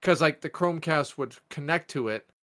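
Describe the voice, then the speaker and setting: A man co-hosting a podcast, telling a long story in a loose, profane way, padding it with "like" and acting out quotes in a raised voice. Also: moderate pace. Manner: profane, animated storyteller with many "like" fillers; jumps up in pitch when acting out quotes. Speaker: podcast co-host. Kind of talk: casual storytelling chat.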